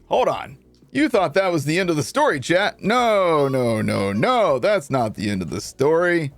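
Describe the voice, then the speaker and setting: Creaky and mid-range, the man's voice comes through with no room sound. He's streaming a game and spinning a long, casual story for his chat, full of laughter and animated impressions of what people said.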